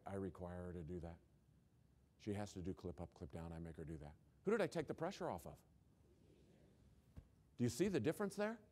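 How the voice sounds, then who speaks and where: A man's voice: fairly high pitch, darkish tone. A man who is a former principal, giving a keynote talk to school leaders with punchy rhetorical questions and folksy humor. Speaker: education speaker, former principal.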